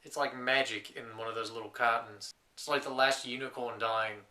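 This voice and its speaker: A man's voice: medium pitch, fairly even intonation, moderate pace, pushed and bright. A young man playing a lonely last man on earth, telling wry rambling stories to camera in a scripted comedy monologue.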